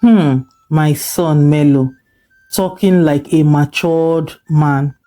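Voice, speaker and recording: A gentle father recovering from illness, as a storyteller puts him on, soft and reassuring. The voice is very dark and mellow and moves slowly. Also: mid-range voice, close to an everyday voice.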